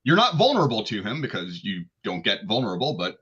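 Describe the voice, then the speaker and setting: A man running an online tabletop game as game master, giving relaxed, chatty rulings. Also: fairly low pitch, fast talker, husky, dull audio.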